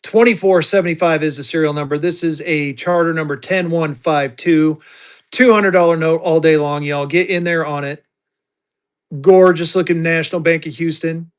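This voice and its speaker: A man's voice: a little high, fairly even intonation, normal speed, clean tone. Chatty man running a live auction. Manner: chatty, thinks aloud, calls viewers y'all. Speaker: livestream auction seller. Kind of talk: casual live-sale chatter.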